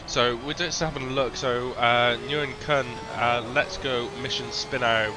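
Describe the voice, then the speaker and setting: A man commentating a sim racing stream in a relaxed, chatty way, with lots of ums and restarts. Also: medium pitch, a little slow, hardly any pauses. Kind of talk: casual live-stream commentary. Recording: noticeable background noise.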